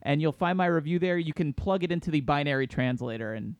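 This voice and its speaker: A man's voice: on the high side, expressive, fast talker, dry recording. A man co-hosting a film podcast, bantering with self-mocking jokes and running the segments. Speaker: podcast co-host. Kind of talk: casual film review chat. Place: New York City studio.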